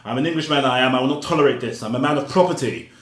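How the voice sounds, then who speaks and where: A man voicing a pompous, haughty English gentleman who boasts of his property. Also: medium pitch, rapid-fire, echoey room, pitched above the performer's own voice, natural voice. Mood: indignant. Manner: haughty, indignant.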